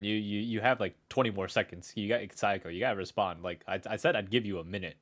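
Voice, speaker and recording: A man's voice: on the low side, fast talker, fairly bright tone. A young man streaming a game live, chatting casually, rambling and stammering with self-mocking jokes.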